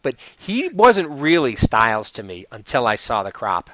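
A man's voice: mid-range voice, wildly swooping pitch, moderate pace, a bit bright, lo-fi sound, a little hiss or hum. A man co-hosting a casual chat, rambling and laughing often, trailing off mid-thought. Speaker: podcast co-host.

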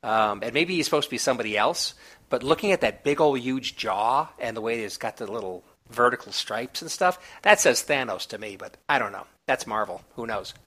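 Man, bright and forceful tone, casual comic book recap, chatty asides. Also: mid-range voice, fairly quick. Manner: relaxed, chatty, with small asides and fillers.

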